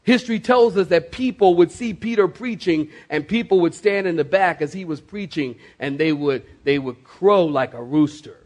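High-voiced pastor preaching emphatically. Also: male voice. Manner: emphatic, dramatic slow stresses, addresses the congregation. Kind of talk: sermon. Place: church before a congregation.

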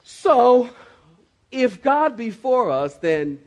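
A man's voice: very high voice, sing-song, extremely slow. A man preaching a sermon as pastor, emphatic and calling for responses from the congregation, with swift asides.

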